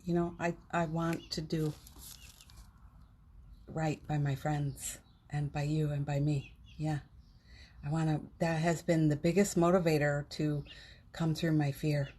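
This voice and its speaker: Her voice is low and warm, moving little in pitch and running a bit slow, with slight hiss or hum behind it. She's a livestream host at home on her phone, offering heartfelt, meandering inspiration with many fillers and restarts.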